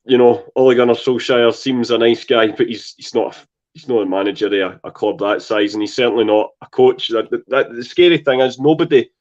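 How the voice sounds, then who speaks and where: Measured man on muffled lo-fi audio. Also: mid-range voice, a little mellow. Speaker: podcast co-host. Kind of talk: casual football chat. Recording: dull lo-fi audio.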